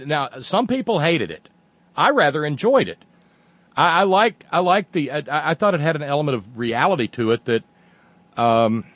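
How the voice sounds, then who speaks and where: A man hosts a casual radio talk show in a wry, digressive voice. He rambles through listener emails at an everyday pitch. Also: dry recording.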